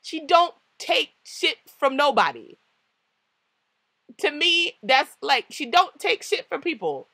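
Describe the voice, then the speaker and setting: A young woman from the New York–New Jersey area reviewing a TV show in a casual vlog, slangy and animated, often laughing and acting out what others said. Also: sits high, slow pace, dry recording. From New York–New Jersey tri-state area.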